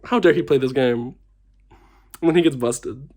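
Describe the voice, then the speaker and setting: A man's voice: mid-range voice, unhurried, a little mellow. A young man who is tipsy, giving a dramatic, theatrical reality-show confessional and acting out what others said. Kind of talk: confessional to camera.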